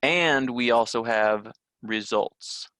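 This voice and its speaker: A man's voice: mid-range voice, takes it slowly, pushed and bright, dry recording. A man teaching a recorded test-prep lesson, talking through questions in a loose conversational way with frequent fillers and restarts.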